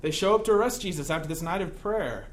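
Brief: male pastor, casual humorous sermon delivery, bit of a high voice, faint noise behind. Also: animated, fast. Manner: joking, conversational, checks in with "right?".

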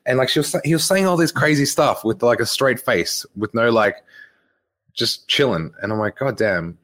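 A man's voice: mid-range voice, moderate pace, fairly bright tone. A young man, a fitness coach telling a rambling, profane story in casual podcast talk. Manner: rambling, profane, laughs often.

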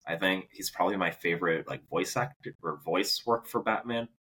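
A man's voice: deep voice, moderate pace, bright, forceful tone, slight background noise. A man co-hosting a podcast, chatting casually about a film in a rambling way with many fillers. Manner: rambling, lots of "like" fillers, laughs often. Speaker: podcast co-host. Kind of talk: casual movie review chat.

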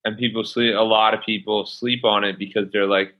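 A man hosting a casual interview chimes in agreeably and adds his own thoughts. His voice is a little low, and the recording sounds dull and lo-fi. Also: little pitch movement, brisk, hardly any pauses. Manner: agreeable, chimes in with short replies.

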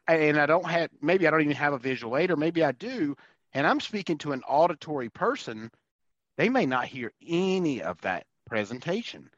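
A man's voice: on the high side, dry recording, dull audio. A man hosting a podcast, enthusiastic and a bit rambling as he explains ideas. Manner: enthusiastic, rambling, restarts often. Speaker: podcast host. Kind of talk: casual podcast conversation.

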